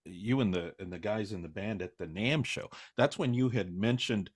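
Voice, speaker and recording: A man hosting a podcast in casual chat, relaxed, swearing freely and laughing along with his guest. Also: lowish voice, normal speed, husky, no echo, studio quality. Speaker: podcast host.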